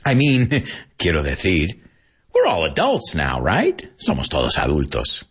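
A man's voice: sits low, wildly swooping pitch, a little slow, a bit bright, breathy edge. A man teaching English as a language lesson, explaining words in Spanish and switching back and forth between the two languages.

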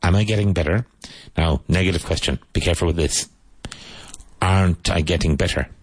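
A low-voiced man with a Cork Irish accent leads an English lesson for Spanish speakers. He repeats each model phrase slowly and deliberately. The recording is dry and close. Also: slightly rough, no echo. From Ireland (Cork). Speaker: English teacher.

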